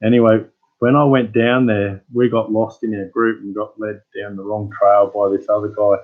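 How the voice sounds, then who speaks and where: A man's voice: lowish voice, flat delivery, moderate pace, narrow, tinny audio. An Australian man hosting his channel, chatting casually with live viewers as a rambling, laid-back storyteller. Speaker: channel host.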